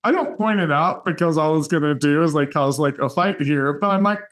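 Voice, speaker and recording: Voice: medium pitch, a little fast. A podcast host chatting with a guest in a friendly, encouraging way. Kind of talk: conversational interview.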